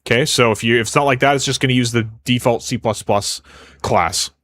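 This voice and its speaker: A man's voice: mid-range voice, fairly bright tone. A young Canadian man with a Canadian accent, chatting casually and rambling while building a game on a live stream. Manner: casual, rambling, quick to joke. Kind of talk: live coding stream chat.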